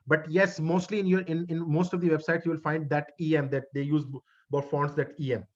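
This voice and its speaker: A man's voice: fairly high pitch, level tone, brisk. A male instructor wrapping up an online web development class, often repeating and restarting words in a friendly, encouraging way. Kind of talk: online class lecture wrap-up. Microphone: computer mic on a video call. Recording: dull lo-fi call audio.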